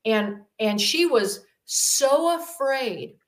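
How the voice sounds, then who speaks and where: A woman's voice: a little high, lively intonation, extremely slow. A woman guest telling a personal story in an interview, rambling with many fillers and acting out the voices she quotes. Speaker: podcast guest, demonologist.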